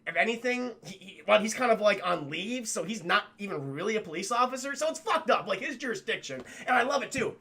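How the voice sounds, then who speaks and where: A young man livestreaming a casual film review, retelling scenes in an animated, profane way and talking to his chat. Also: high voice, fast, vocal fry, few pauses, breathy edge.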